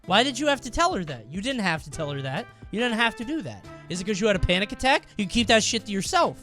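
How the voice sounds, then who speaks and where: High-voiced young man reacting animatedly. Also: fast talker, faint music behind. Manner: animated, exclaiming and swearing freely. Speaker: streamer reacting to viewer stories. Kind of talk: casual reaction commentary.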